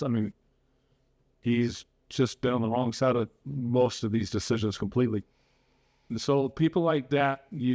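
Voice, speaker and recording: A man's voice: mid-range voice, darkish tone. A man hosting a podcast, talking earnestly and with strong opinions in casual political chat. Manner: earnest and opinionated, switches into Spanish to interview. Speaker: podcast host.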